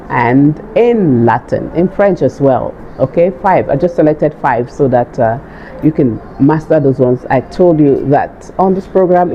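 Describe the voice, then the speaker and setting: A woman hosting an online course, teaching vocabulary patiently and repeating each word slowly for viewers. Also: low voice, dark tone. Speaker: language and health course host. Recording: dull lo-fi sound with faint noise.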